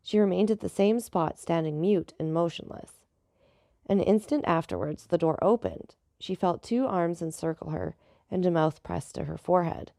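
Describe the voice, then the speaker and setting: A woman narrating a classic novel in a measured storybook reading, giving the dialogue light voices. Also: fairly low pitch, vocal fry, warm tone, no echo, studio quality. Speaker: audiobook narrator.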